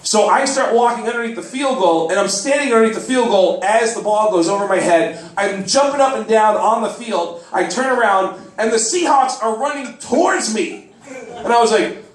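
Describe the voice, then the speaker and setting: A man telling a stand-up comedy story on a club stage, animated, bursting into loud high shouts as he acts out people. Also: normal speed. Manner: animated, swings into loud high shouts when acting out characters. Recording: roomy club sound from a distance, faint noise.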